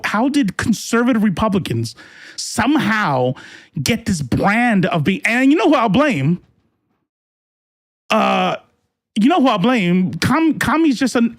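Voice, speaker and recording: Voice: medium pitch, no room sound, studio quality. A political commentary host ranting to a live chat in a profane, combative way.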